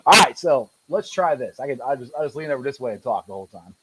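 A man hosting a casual live-streamed sports podcast, laughing often and getting loud when excited. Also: mid-range voice, fast talker, very noisy. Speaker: podcast host. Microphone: home desk mic.

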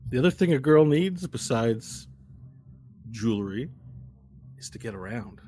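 A man's voice: medium pitch, lively intonation, unhurried, background noise. A man running a tabletop game as game master, narrating in a casual, descriptive way. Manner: casual, descriptive, hesitant fillers.

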